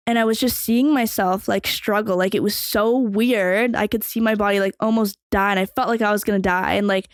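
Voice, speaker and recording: A young woman podcast host rambles through a casual story, swearing freely and leaning heavily on fillers. Her voice is medium-pitched, and the recording is dry with no room sound.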